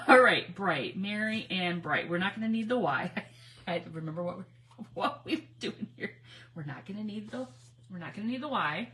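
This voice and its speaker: A woman hosting a casual crafting livestream on her phone, chatty and giggly, nervously excited as she talks to viewers. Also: medium pitch, a little fast. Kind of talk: casual live crafting chat.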